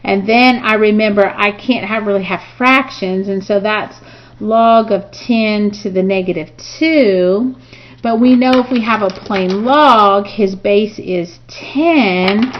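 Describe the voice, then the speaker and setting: A woman's voice: mid-range voice, slow pace, muffled recording. A woman teaching a math review lesson who talks through each step aloud and often checks in with "okay" and "right?". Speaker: math instructor.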